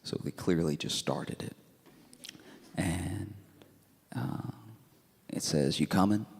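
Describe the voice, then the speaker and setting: Low gravelly guy doing standup, deadpan laid-back storytelling, noisy live room. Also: very slow. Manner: deadpan, laid-back delivery with laughing asides. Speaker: stand-up comedian.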